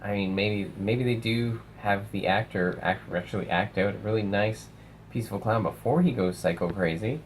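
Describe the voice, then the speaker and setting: A young man casually reviewing films, animated, swearing and acting out lines from movies. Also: fairly low pitch, moderate pace, slight background noise, rough recording. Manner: animated, swears, acts out quotes. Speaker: film reviewer.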